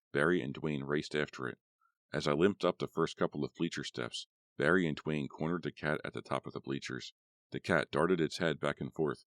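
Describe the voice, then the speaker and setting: A man giving a steady, measured reading as an audiobook narrator. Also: very deep voice, no echo, clean studio sound.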